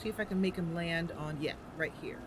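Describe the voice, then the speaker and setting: A woman's voice: fairly low pitch, fairly quick, noisy background. A woman streaming a game, chatting and muttering her plans to herself as she plays. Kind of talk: thinking aloud while playing.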